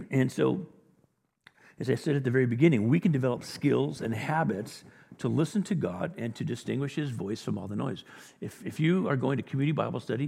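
A man preaching a sermon as pastor, earnest and conversational, building to emphatic high points. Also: creaky, a little mellow, breathy edge. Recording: reverberant hall, audio recording.

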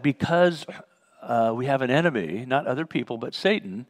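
Speaking expressively at a moderate pace and medium pitch, a man leads a Bible study like a conversation. He tells personal anecdotes, plays out the dialogue he recalls, and chuckles along.

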